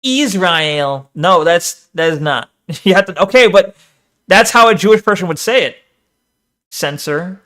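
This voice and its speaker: High bright-voiced man streamer, profane. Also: moderate pace. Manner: crude, profane banter; teasing, laughs often. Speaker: streamer reacting to clips. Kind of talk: casual reaction commentary.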